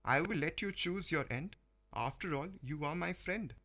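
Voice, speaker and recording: Bright-voiced man reading verse on radio. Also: on the high side, expressive, moderate pace. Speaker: radio host. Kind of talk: reading a comic poem aloud. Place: radio studio.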